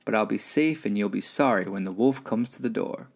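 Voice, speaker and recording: Guy doing a serious little brick-laying pig, steady n earnest, bit gravelly. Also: fairly low pitch, brisk. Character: sober hard-working young male pig.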